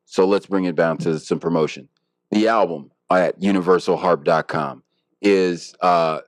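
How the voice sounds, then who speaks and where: A man's voice: deep voice, dry recording, clean studio sound. A man, a harpist guest in an interview, talking casually and reflectively with many fillers and restarts.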